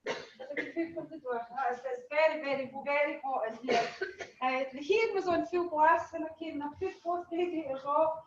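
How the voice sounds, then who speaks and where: A woman's voice: sits high, steady tone, brisk, a little hiss or hum. A Scottish woman hosting an awards event, chatty and getting choked up as she speaks. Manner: chatty, warm-hearted, gets choked up. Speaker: event host. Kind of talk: emotional award speech. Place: hot function room. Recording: echoey room, distant dull mic.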